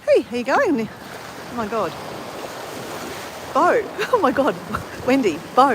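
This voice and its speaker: An upbeat Australian woman chats on a live stream from the beach, greeting viewers one by one. Her voice sits a little high. Faint waves wash behind her. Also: sing-song, slow, background noise. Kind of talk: casual live-stream chat. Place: outdoors at a beach at sunrise.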